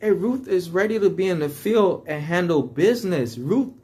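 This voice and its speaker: A man leading a casual Bible study. He reads verses aloud in a raised voice, then explains them in relaxed slang and often checks in with "all right?". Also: sits high, normal speed. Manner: checks in with listeners with frequent "all right?" tags. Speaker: Bible teacher.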